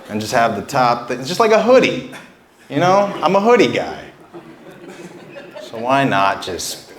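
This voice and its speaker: A man doing a stand-up set on a small club stage, rambling through absurd jokes with stammering restarts into a handheld mic. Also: mid-range voice. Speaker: stand-up comedian. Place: small club stage before a live audience. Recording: roomy live club sound.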